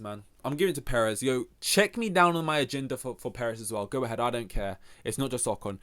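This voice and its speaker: A young man hosting a podcast, giving rambling, opinionated sports takes full of swearing and sudden bursts of excitement. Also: mid-range voice, fast, few pauses. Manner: heavy swearing, rambling, animated rants. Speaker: podcast host. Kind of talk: casual opinionated sports chat.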